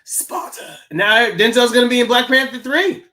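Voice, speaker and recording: A man co-hosts a film podcast, chatting casually in a laid-back, rambling way and laughing a lot. His voice is very high-pitched, brisk and sharp.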